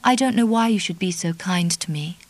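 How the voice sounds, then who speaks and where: A woman voicing a reserved, guarded young woman who speaks in a quiet, hushed way. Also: lowish voice, brisk, no echo, close to an everyday voice.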